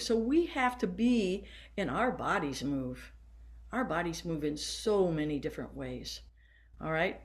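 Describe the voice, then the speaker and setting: Older woman band director, coaching seated, demonstrates as she goes. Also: lowish voice. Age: 70s. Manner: warm, hands-on, guiding listeners through exercises. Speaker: band teacher. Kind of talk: workshop lesson for teachers.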